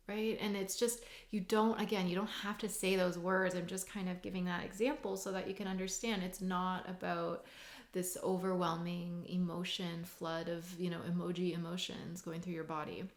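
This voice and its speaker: A woman's voice: lowish voice, flat delivery, normal speed. A woman hypnotherapist and mindset coach teaching in a casual, chatty way, full of "like" and "you know". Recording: roomy echo.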